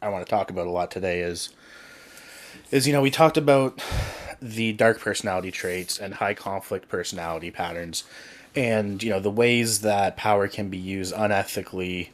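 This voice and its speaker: Host, male, casual podcast chat, rambling storyteller, a bit low. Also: moderate pace. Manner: rambling storyteller, heavy on "um", "like" and "right?".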